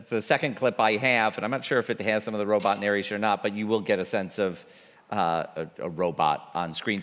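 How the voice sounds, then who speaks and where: A man moderating a conference panel, asking questions with many hesitations. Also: on the low side. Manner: hesitant, full of uh and um. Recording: long hall reverb.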